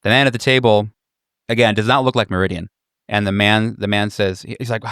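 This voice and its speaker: A man narrating as game master of a tabletop horror game, describing scenes with frequent halting fillers. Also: fairly low pitch, fairly even intonation, fairly bright tone, clear, resonant tone, no room sound, clean studio sound.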